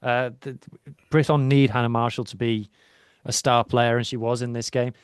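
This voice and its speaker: This man co-hosts a laid-back podcast and rambles eagerly about rugby for a long stretch, peppering his talk with ums. His mid-range voice is clear and resonant, level in tone and moderate in pace, in a clean studio recording with no room sound.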